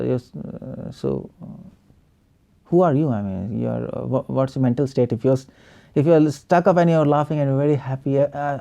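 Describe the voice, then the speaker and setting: A man's voice: fairly high pitch, mellow. A male preacher giving an online spiritual class over a video call, firing rhetorical questions at the class and chuckling often.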